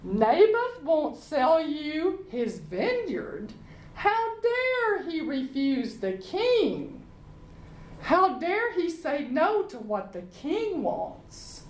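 A woman's voice: high-pitched, big pitch swings, extremely slow, reverberant, full character voice. A woman preacher voicing a scheming, doting queen who coaxes her sulking husband, sweet and indignant on his behalf, in a sermon retelling. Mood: coaxing. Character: scheming doting adult queen, coaxing wife.

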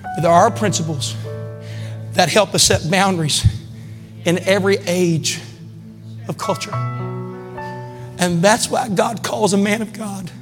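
A man preaching a sermon as pastor, emphatic, swinging between loud calls and quiet asides. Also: sits high, steady tone, a little slow, pauses often, long reverb tail, over music. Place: church sanctuary.

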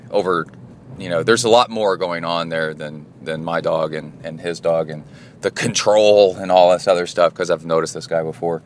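A deep, low-voiced man tells a rambling story from behind the wheel of his car, and his voice jumps up loudly whenever he acts out what someone else said. A faint hum of traffic sits under his voice. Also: normal speed. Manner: rambling, animated when quoting others. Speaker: podcast host. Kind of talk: casual storytelling monologue. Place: car, driving.

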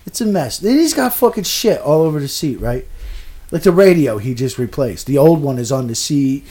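A man telling an exasperated, profane story in a casual chat, swinging between low mutters and loud outbursts. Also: lively intonation, moderate pace.

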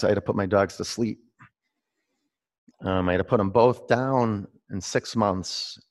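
A man leading a live-streamed yoga class, giving pose cues between rambling, laughing asides. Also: lowish voice. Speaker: yoga teacher.

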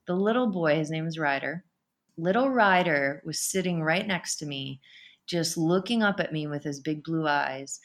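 Low-voiced woman telling her story. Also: moderate pace. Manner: emotional, animated storytelling with laughs. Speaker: podcast guest. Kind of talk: personal storytelling interview.

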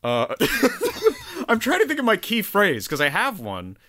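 Laughing, lively-voiced male co-host. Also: high voice, dry recording, clean studio sound. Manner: quick reactions, frequent laughter, profane. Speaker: podcast co-host. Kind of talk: casual chat.

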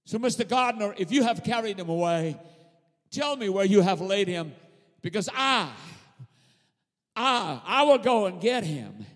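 A man's voice: sits high, lively intonation, measured pace, a bit bright, heavily acted. A man voicing a grieving woman who stammers and pleads urgently with a gardener. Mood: pleading. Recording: long hall reverb.

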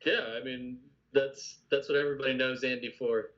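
A man's voice: medium pitch, fairly even intonation, normal speed, a bit bright. A man co-hosting a podcast in casual chat, agreeing often and giving loose opinions. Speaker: podcast co-host. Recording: dull lo-fi audio.

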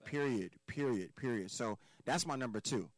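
A man's voice: medium pitch, normal speed, no room sound, rough recording. A man from Philadelphia, a podcast guest giving life advice in casual conversation, emphatic and profane, hammering points home by repeating words.

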